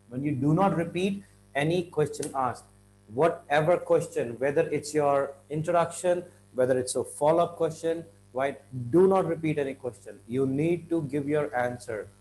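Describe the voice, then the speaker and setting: A higher-voiced man from India explains speaking-test tips, drawing out key words slowly and asking "right?" after each point. He clears his throat often. A faint hum sits under the recording. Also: darkish tone, low-quality recording. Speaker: IELTS teacher. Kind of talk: classroom-style explanation.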